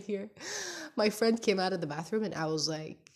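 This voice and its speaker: A woman's voice: fairly low pitch, normal speed, a little mellow. A young woman in her twenties, English not her first language, with a stuffy nose from crying, talking candidly in a rambling podcast-style video diary and searching for words. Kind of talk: casual confessional video diary.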